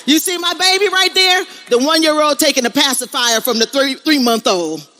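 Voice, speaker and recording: A high-pitched, bright and forceful woman speaks at normal speed during a motivational stage speech at an event. Middle-aged, she is emphatic and preachy, echoing her own lines and calling out to the audience.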